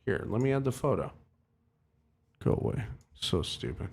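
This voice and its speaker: A man with a lowish voice chats casually to a live audience. He rambles through an anecdote, swearing freely and poking fun at himself. His delivery is loose and conversational. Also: sing-song, moderate pace, husky. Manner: rambling, profane and self-mocking, with laughs. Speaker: livestream host. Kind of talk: casual storytelling to a live chat.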